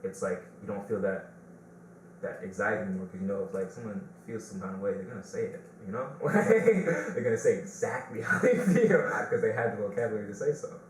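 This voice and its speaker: A man's voice: on the low side, animated, a little fast. Laid-back Detroit man in an echoey room. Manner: loose, laughing storyteller. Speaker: podcast host. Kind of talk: casual chat. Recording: roomy, distant mic with background hiss.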